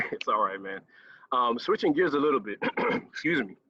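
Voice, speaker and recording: Male podcast host with a bright, forceful voice, chatty and quick to laugh, recorded dry and dull. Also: medium pitch, animated, dry recording. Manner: chatty, laughs often, rambling questions. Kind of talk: casual interview chat. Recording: dull lo-fi sound.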